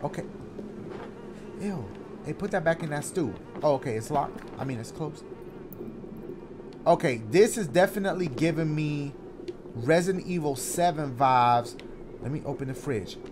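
A man giving excitable, jokey let's-play commentary, slangy and talking to himself as he plays. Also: on the high side, normal speed, pauses often, noisy background. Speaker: gaming YouTuber. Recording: game music under the voice.

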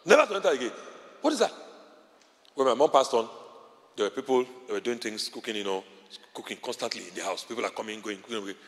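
A male pastor preaches passionately in a large church auditorium, leaning on short repeated phrases. He speaks fast and animated at a medium pitch, with long pauses, while long hall reverb and faint music fill the background.

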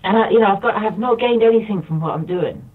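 A man close to tears pours out a rambling, impassioned monologue, circling back over the same phrases. His voice is husky and comes through a tinny phone line, heard from some way off the mic. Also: high-pitched, quick pace, distant mic. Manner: rambling, impassioned, repeats himself. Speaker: radio show guest.

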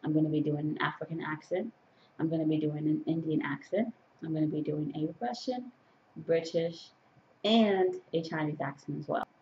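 A young woman vlogger greets her viewers in a friendly, casual way. Her voice sits fairly low, and the home recording sounds slightly dull and lo-fi. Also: moderate pace, a little hiss or hum. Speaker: comedy vlogger. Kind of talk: casual intro to camera.

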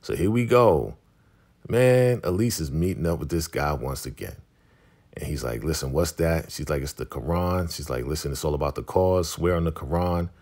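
A man's voice: rumbling low, moderate pace, darkish tone. A man casually recapping a TV episode, quoting the characters in loose street slang. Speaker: recap host.

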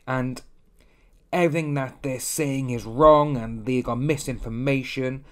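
A man's voice: medium pitch, steady tone, measured pace, clear, resonant tone. A young man hosting a casual opinion commentary, talking bluntly and ranting, often mimicking others. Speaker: commentary channel host.

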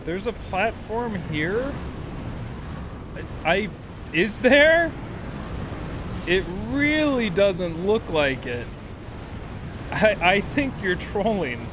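A man's voice: sits high, expressive, takes it slowly, long pauses, background noise. A young man streaming a game live, chatting, laughing often, swearing and bantering with his chat. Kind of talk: live gameplay commentary.

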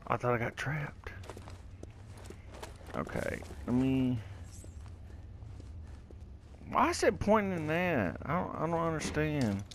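A man's voice: a little high, very animated, measured pace, slight background noise. A man giving rambling, casual commentary as he plays a game and talks to himself. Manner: rambling, self-talking, easily confused. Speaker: gameplay video creator. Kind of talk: casual let's play commentary.

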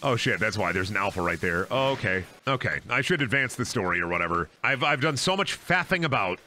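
A man's voice: medium pitch, lively intonation, fast talker, bright, forceful tone. A young man streaming a video game, joking, rambling and swearing freely as he plays. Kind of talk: casual game stream commentary. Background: faint game music.

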